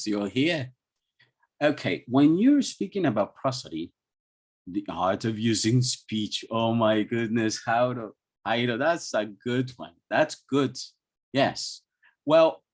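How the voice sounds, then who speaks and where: A man's voice: mid-range voice, slightly rough. A man with a Colombian Spanish accent, leading an online IELTS training session for teachers in a chatty way, with many restarts and questions put to the audience. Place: video call.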